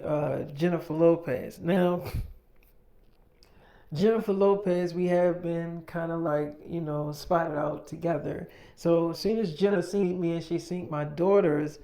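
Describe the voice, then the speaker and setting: A man's voice: on the high side, unhurried, dark tone. A man telling a casual made-up story in a rambling, slangy way full of fillers.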